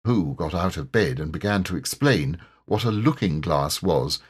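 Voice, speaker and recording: A man narrating a children's storybook audiobook in an expressive, measured way. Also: low-pitched, slightly rough. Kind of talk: storybook reading.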